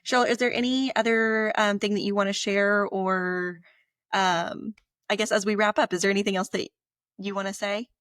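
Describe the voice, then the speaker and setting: A woman's voice: mid-range voice, fairly even intonation, normal speed, fairly bright tone, no echo, clean studio sound. A woman hosting a podcast interview, asking polite questions as she wraps up the show. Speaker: podcast host. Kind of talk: casual interview talk.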